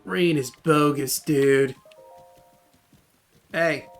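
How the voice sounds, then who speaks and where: A man's voice: fairly high pitch, takes it slowly, bright, forceful tone, soft background music, exaggerated voice. A man voicing a laid-back male California surfer dude in a video game, with drawling surfer slang. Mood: bummed.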